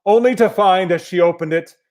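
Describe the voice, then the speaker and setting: A man improvising a story in a gentle storybook narration. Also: high voice, a little fast. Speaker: improv performer.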